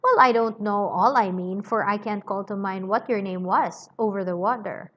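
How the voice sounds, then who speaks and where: A blunt, rough-spoken working man, read by a woman, presses his questions in plain, ungrammatical speech. The sound is a little dull and muffled. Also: medium pitch, normal speed, close to an everyday voice. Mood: prying. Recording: slightly muffled lo-fi recording.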